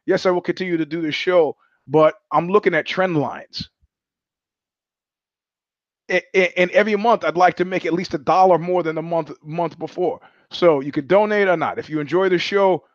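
A man's voice: on the high side, no room sound. Wry rambling man, dull lo-fi sound. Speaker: podcast host. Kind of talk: casual monologue commentary.

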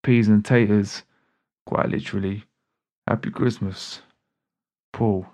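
A man's voice: fairly low pitch, steady tone, takes it slowly, darkish tone. A man, a poet and podcast host, reading his stories in a laid-back, slangy spoken-word style.

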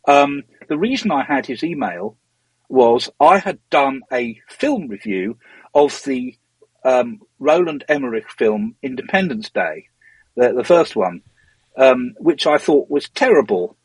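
A middle-aged man telling stories in a casual, rambling way, drifting off on tangents and filling pauses with ums and restarts. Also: medium pitch, lively intonation, husky, no room sound, rough recording. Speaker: interview guest, former magazine editor. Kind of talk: casual anecdotal storytelling.

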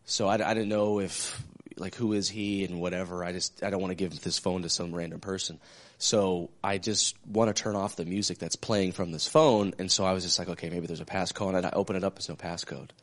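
A man casually telling a story in a church group, lively and acting out the phone calls he describes. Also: low-pitched, fairly quick. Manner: animated, acts out phone calls. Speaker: church small-group member.

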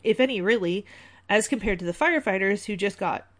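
Woman podcast host, mid-pitched, rambling and wry, filler-heavy chat. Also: a little fast. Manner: chatty, rambling, many fillers, wry asides. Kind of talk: casual conspiracy podcast talk.

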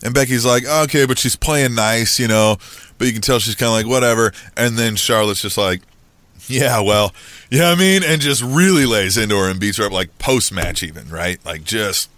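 A man co-hosting a casual wrestling podcast, talking in a relaxed way with plenty of fillers. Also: lowish voice, moderate pace, no echo. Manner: relaxed, full of fillers like "you know" and "like". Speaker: podcast co-host.

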